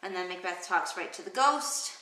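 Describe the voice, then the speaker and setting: A woman's voice: fairly low pitch, expressive, normal speed, pushed and bright. Playful woman explaining with slang. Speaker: video host explaining Shakespeare. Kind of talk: comic lesson explainer. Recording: echoey room, distant mic.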